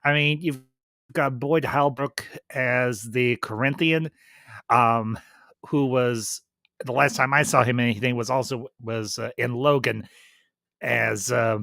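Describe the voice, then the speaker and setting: A man talks through a series review on his own stream, eager and rambling, often restarting his sentences. His voice is bright and forward, recorded close and dry with no room sound. His pitch sits in the middle. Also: steady tone, a little slow, vocal fry, no echo. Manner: enthusiastic, chatty, repeats and restarts phrases. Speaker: YouTube reviewer. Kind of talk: casual review livestream.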